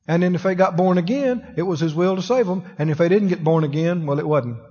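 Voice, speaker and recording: A husky, high-pitched preacher leads a sermon, putting questions to his listeners as he goes. His voice carries a long reverb through a church hall. The recording is dull and lo-fi. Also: quick pace, darkish tone. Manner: conversational preaching, asks the congregation questions. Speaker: pastor. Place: church sanctuary.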